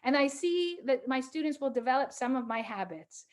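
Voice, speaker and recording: A middle-aged woman teacher talking calmly to a group of teachers, measured, with pauses and fillers. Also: high-pitched.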